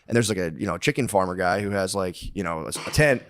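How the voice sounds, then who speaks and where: A man's voice: deep voice, quick pace, a bit bright, a little hiss or hum. A man co-hosting a podcast, chatting casually in a rambling, profane way and acting out annoyed voices. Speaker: podcast co-host. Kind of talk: casual chat.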